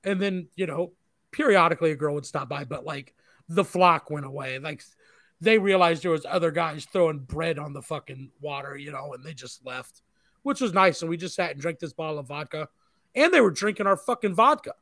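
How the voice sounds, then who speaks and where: A man's voice: a little high, fairly quick, a bit bright, no room sound, studio quality. Chatty, foul-mouthed man telling a story. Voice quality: profane, rambling storyteller. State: married. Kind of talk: casual storytelling chat.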